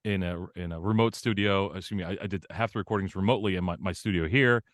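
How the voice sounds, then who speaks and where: Low-voiced man, animated and laughing. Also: quick pace, no room sound, clean studio sound. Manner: animated storyteller, laughs often, bursts into a higher showman voice for quotes. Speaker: voice actor guest. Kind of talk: casual interview chat.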